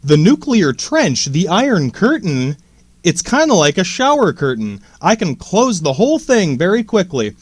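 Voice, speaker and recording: A man with a high voice talks his way through a loose, profane monologue for his podcast, stumbling over false starts and slang. The sound is dry and close, with no room around it. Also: wildly swooping pitch, normal speed, breathy edge, no echo. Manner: profane, stammering restarts, slangy. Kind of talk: casual rambling monologue.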